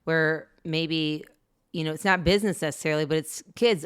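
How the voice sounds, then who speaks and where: A woman's voice: sits low, moderate pace, a bit bright, clear, resonant tone. A middle-aged woman co-hosting a parenting podcast, telling family stories in a chatty way with frequent laughs. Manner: chatty storytelling, laughs often, frequent "you know". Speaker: podcast co-host. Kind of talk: casual chat.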